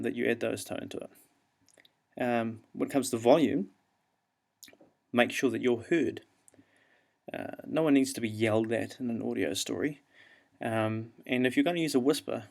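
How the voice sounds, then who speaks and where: A man with a New Zealand accent, an English teacher explaining how to perform an audio story in a relaxed, explanatory way. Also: mid-range voice, vocal fry. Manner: relaxed, explanatory, frequent ums and uhs. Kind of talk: classroom instructional talk.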